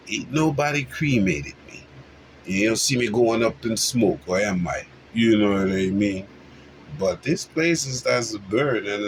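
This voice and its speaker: A man rambling through a spiritual monologue, preachy and full of rhetorical questions, jumping from low mumbles to high loud bursts. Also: a little hiss or hum, poor audio.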